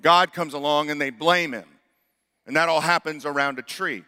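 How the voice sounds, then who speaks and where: A man's voice: on the high side, moderate pace, bright, forceful tone, clean tone, in a large hall. A man preaching a sermon as pastor, earnest, building to emphatic rhetorical questions.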